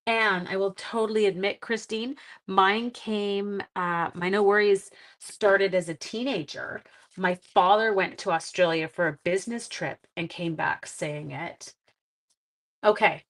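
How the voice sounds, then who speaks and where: A woman's voice: fairly low pitch, fairly bright tone. Woman from Canada, stuffy-nosed craft host, chatty and giggly with rambling asides, live demo. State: congested. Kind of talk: live card-making demo and chat.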